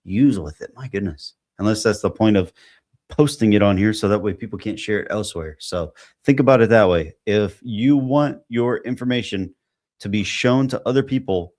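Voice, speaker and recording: Low-voiced man rambling through a solo podcast. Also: a little mellow. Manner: rambling, halting, many fillers while thinking aloud. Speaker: podcast host. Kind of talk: solo podcast, reading posts aloud.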